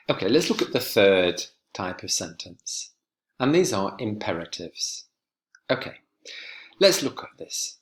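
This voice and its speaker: A man with a voice on the low side teaches an English grammar lesson, speaking directly to his students in a clear, emphatic way.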